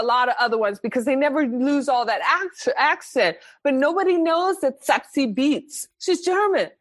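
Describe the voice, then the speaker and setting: A woman's voice: fairly high pitch, no echo. Chatty rambling woman co-host. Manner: animated, rambling with frequent fillers and restarts. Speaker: podcast co-host. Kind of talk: casual chat. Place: lives in Germany.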